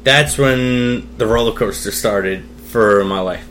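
A man's voice: lowish voice, slow, a bit bright, slight background noise. A young man, a podcast guest, telling a personal story in casual talk over drinks, candid and swearing freely. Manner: candid, swears freely, acts out quoted voices.

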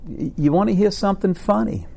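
A man voicing an anxious old father in a joke, high and plaintive. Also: sing-song, brisk, gravelly, a little mellow, heavily acted.

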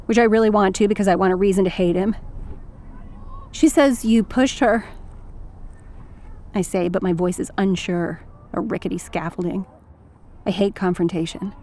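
A woman's voice: medium pitch, flat delivery, a little fast, warm tone. A woman narrating a first-person story in a wry, intimate way with flashes of anger.

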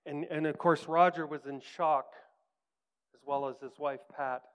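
A man telling a story in a sermon, earnest, sinking to hushed tones for quoted words and rising for emphasis. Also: fairly high pitch, steady tone, measured pace, clear, resonant tone. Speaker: preacher.

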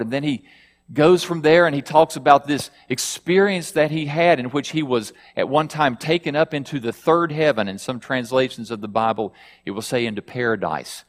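A man's voice: fairly high pitch, moderate pace. Preaching man in a reverberant hall. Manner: reads scripture aloud with rising emphasis, asks the congregation questions. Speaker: pastor. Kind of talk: sermon.

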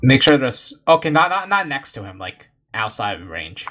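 A man playing a druid in a tabletop game, hesitant and thinking out loud about the rules. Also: medium pitch, big pitch swings, normal speed. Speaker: player, the druid. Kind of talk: casual tabletop play.

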